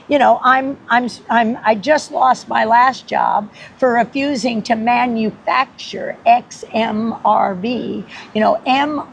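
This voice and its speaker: A woman guest on a podcast telling a story in an animated, rambling way, laughing often and acting out the people she quotes. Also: on the high side, gravelly, slight background noise, low-quality recording. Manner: rambling with many restarts.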